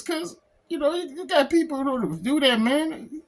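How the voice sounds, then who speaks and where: A man who is a comic book artist, talking in an emotional personal vlog, close to tears, halting and repeating himself. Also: very high voice, lively intonation. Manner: halting, repeats phrases, says "man" a lot. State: tearful, close to crying.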